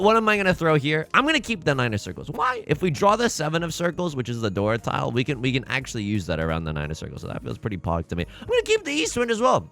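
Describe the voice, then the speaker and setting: A young man chats through his gaming session in an animated, rambling way, jumping from topic to topic and joking at his own expense. His voice swings widely in pitch and sounds bright and forceful. Quiet game music plays underneath. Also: gravelly. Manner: animated, rambling, self-mocking asides. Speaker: let's play host. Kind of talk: casual gaming commentary.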